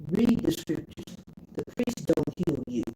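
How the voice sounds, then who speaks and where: A woman's voice: sits low, very animated, measured pace. Fiery, profane woman preaching in a roomy echo. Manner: impassioned, blunt and profane, builds to cries and shouts. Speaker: self-styled prophetess preaching. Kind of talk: fiery sermon. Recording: roomy echo with faint background noise.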